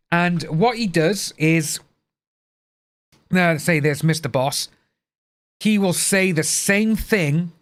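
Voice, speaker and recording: A man chatting casually to his livestream viewers, blunt and ranting, swearing freely. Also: fairly high pitch. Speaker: livestream host.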